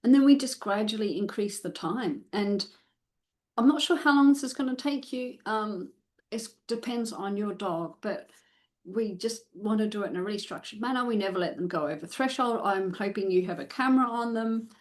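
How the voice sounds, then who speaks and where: A woman's voice: medium pitch, normal speed. Woman dog trainer doing a live q&a, explains step by step, lots of ums and restarts. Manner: step-by-step instructive, many restarts and fillers. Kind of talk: live Q&A advice.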